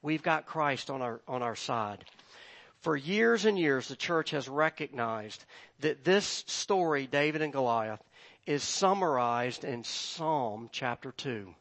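A man preaching a sermon, slow and emphatic, rising loud when he reads scripture. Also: medium pitch, animated. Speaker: pastor.

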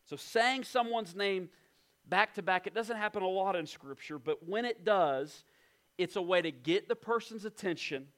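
High-voiced preacher, emphatic and hushed. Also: male voice. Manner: emphatic, slows down and drops to a hush for weight. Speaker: pastor. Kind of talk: sermon. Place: church in West Virginia.

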